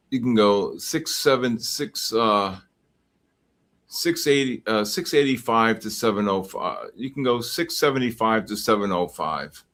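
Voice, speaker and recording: A man hosting a live trading stream, calling price levels and teasing viewers in chat with excitable, repetitive banter. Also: fairly low pitch. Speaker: livestream trading host.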